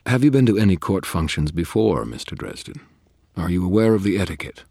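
A man's voice: deep voice, animated, brisk, creaky, warm tone, no room sound, clean studio sound, voice pushed up, full character voice. A man voicing a suave, cheerful young male vampire aristocrat, genteel and mock-polite, in an audiobook. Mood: amused teasing. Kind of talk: audiobook character voice.

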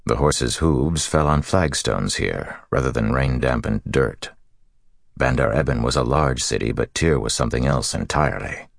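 A man narrating a fantasy audiobook in a steady, even storytelling manner. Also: extremely low pitch, normal speed, gravelly, no echo, clean studio sound.

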